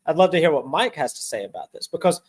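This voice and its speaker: Animated man repeating himself, fairly high. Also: fast talker, husky. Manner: animated, repeats words and restarts, laughs between phrases. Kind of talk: casual conversation.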